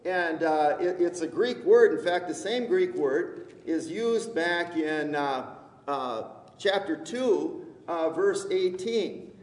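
A male pastor delivers a sermon at an unhurried pace, stopping often on fillers and restarts, with a light conversational humor. His voice sits a little high for a man. The sound is roomy and carries a long church reverb, picked up by a distant mic. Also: expressive. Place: church sanctuary. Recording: echoey hall, distant mic.

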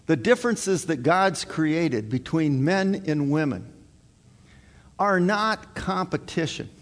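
A man's voice: fairly high pitch, animated, takes it slowly. A male pastor preaching a sermon to his congregation in an earnest, emphatic way, repeating his key points. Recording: long hall reverb.

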